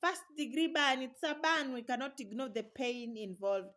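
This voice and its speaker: A woman's voice: sits high, fairly even intonation, moderate pace, fairly bright tone. Chatty encouraging young woman vlogger. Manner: chatty and encouraging, laughs often. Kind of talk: casual vlog talk to camera.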